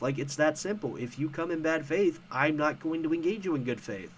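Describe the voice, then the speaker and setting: A man's voice: fairly high pitch, expressive, moderate pace, few pauses, slight background noise. Profane, sarcastic man ranting. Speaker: host. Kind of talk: casual commentary rant.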